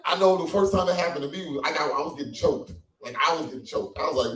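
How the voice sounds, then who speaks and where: A man performing a stand-up comedy set in a small cafe, animated and loose, acting out quoted voices. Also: a little high, quick pace, few pauses. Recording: echoey room from far off.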